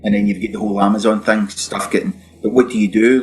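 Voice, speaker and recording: A Scottish man talks in a low, unhurried register as a podcast guest. He explains things in a halting, meandering way. There is faint noise behind him. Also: level tone, low-quality recording. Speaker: guest, property developer. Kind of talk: casual podcast chat.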